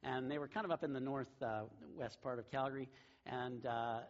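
A man preaching a sermon to his church, telling a story with lively voiced asides. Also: mid-range voice, a little fast, lo-fi sound. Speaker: pastor. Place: church sanctuary.

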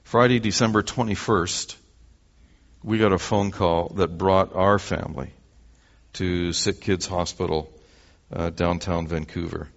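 A low-voiced Canadian man delivers a sermon as a story, voicing the people in it. The sound is a bit dull and lo-fi. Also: measured pace, gravelly. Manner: animated storyteller acting out dialogue. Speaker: preacher.

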